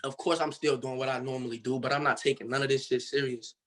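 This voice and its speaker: A man's voice: mid-range voice, steady tone, quick pace, fairly bright tone. A young man from Cincinnati, Ohio, telling his story as a guest in a casual interview, in a loose, slangy way full of fillers. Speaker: guest artist.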